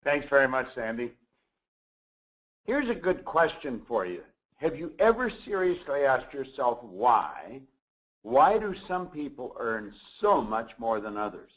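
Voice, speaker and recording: An older man, a motivational speaker, giving a measured, emphatic seminar lecture. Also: medium pitch, big pitch swings, low-quality recording.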